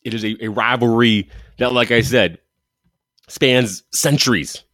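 A man's voice: mid-range voice, a little slow, a bit bright, dry recording, studio quality. A man hosting a football show, talking through results with eager, rambling enthusiasm and frequent restarts. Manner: enthusiastic, rambling, self-correcting. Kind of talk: casual sports commentary monologue.

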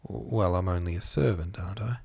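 A man's voice: sits low, a little fast, vocal fry, a little mellow, breathy edge, heavily acted. A man voicing a weary, humble young working-class woman who speaks plainly and self-effacingly.

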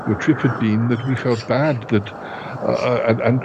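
A bumbling, hairy yeti uncle, as a man puts him on, stammering and fumbling for words. The voice is pitched in a middling range for a man. Loud hiss and background noise run under the whole recording. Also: fairly even intonation, measured pace, lo-fi sound, close to an everyday voice. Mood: apologetic. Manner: hesitant, fumbling, fake quacking. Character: hairy male yeti uncle, sheepish bird-keeper.

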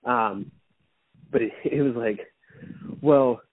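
Husky young man telling rambling stories. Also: lowish voice, a little fast, dry recording, phone-quality sound. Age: young adult. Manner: rambling storyteller, swears freely, laughs often. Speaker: podcast guest. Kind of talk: casual chat.

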